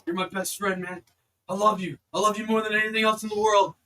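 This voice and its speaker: A man's voice: sits high, flat delivery, fast talker, recorded from a distance, slight background noise, voice pushed up. A man playing a gushing stoner best friend. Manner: gushing, loud and heartfelt.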